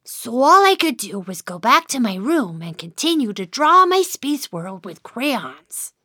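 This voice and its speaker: A woman's voice: fairly high pitch, big pitch swings, a little slow, pushed and bright, dry recording, clean studio sound, exaggerated voice. A woman voicing an unhappy little boy mouse who narrates his own storybook, grumbling and sighing about his dad. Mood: sulky. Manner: sulky, sighing, then giddy. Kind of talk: first-person storybook narration.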